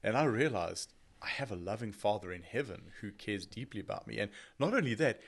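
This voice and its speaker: Man with a lowish voice, podcast guest, animated self-deprecating testimony. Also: a little fast, creaky, husky. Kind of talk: personal testimony storytelling.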